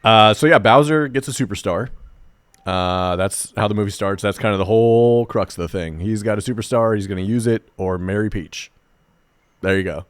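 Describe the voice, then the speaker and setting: A man co-hosting a casual movie podcast, laid-back and quick to laugh. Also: fairly low pitch, clear, resonant tone, no echo. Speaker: podcast co-host. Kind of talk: casual chat.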